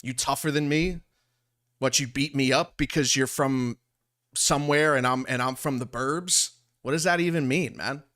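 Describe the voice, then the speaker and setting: A man's voice: mid-range voice, moderate pace, a bit bright. A young man from Long Island, streaming commentary in an indignant, rambling way that repeats itself. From Long Island, New York. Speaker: streamer reacting to a livestream. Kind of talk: heated commentary over a played stream.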